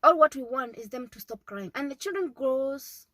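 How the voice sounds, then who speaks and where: Earnest mother with a bright voice. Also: high-pitched, lively intonation, moderate pace, no room sound, poor audio. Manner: earnest, repetitive, checking in with "okay?". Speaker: parenting vlogger, mother. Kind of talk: casual advice talk to camera.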